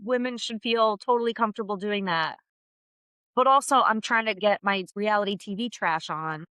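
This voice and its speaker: A woman co-hosting a podcast, chatting casually and bluntly about reality TV gossip, with animated, opinionated storytelling. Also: medium pitch, moderate pace, clear, resonant tone, dry recording. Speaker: podcast co-host.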